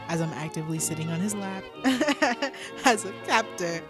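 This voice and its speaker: A woman's voice: mid-range voice, animated, normal speed, few pauses, music in the background. A woman streaming a visual novel, reading it aloud and commenting playfully, laughing often. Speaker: let's play streamer.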